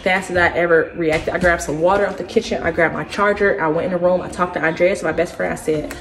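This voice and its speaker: A young woman vlogger telling a personal story in a casual, animated way. She keeps addressing her listeners directly. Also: fairly low pitch, fast, a crowd in the background. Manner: acts out other people's words as she tells it.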